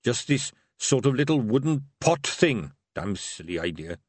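A man's voice: medium pitch, very animated, a little slow, husky, no room sound. A man voicing a coarse male barbarian kidnapper who coaxes and bullies his captive. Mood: coaxing. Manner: bullying and coaxing.

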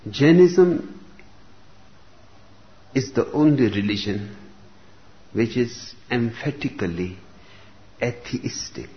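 A man giving a slow, reflective spiritual discourse, speaking deliberately with long pauses between phrases. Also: mid-range voice. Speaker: spiritual teacher. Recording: dull lo-fi recording with faint room noise.

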